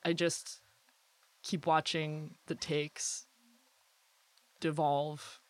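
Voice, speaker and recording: A woman's voice: little pitch movement, very slow. A woman co-hosting a podcast in casual chat, joking around and breaking into mock song bits. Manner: jokey, sings mock song bits in a high voice. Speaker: podcast co-host.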